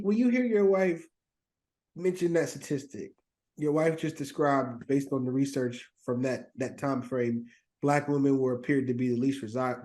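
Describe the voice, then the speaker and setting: A man's voice: medium pitch, darkish tone. Man asking probing questions as host. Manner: probing, backchannels often, repeats words. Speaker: host, therapist. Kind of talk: podcast interview.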